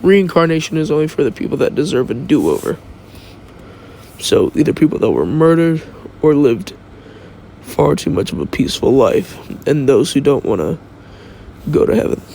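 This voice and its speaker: A man's voice: fairly high pitch, big pitch swings, moderate pace, creaky, dark tone, slight background noise. A young man casually making up a fan-fiction story as he goes, rambling and thinking aloud, recorded on his phone.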